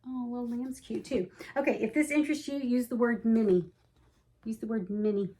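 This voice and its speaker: A woman with a slightly high voice talks casually to her viewers, cooing over little stitched motifs. She gushes in a chatty way and now and then drops to a soft hush. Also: steady tone, fairly quick, slight background noise. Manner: gushing, chatty, with soft hushed asides. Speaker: cross-stitch vlogger. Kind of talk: casual show-and-tell chat.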